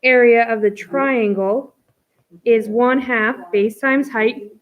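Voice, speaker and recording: A woman's voice: a little high, steady tone, takes it slowly, muffled recording. A woman math teacher running a live online review, talking through each step in a chatty way. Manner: chatty, walks through steps aloud.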